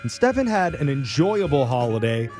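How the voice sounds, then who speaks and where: A man's voice: medium pitch, sing-song, moderate pace, darkish tone, soft background music. A man hosting a radio game show, reading trivia questions in a playful quizmaster manner.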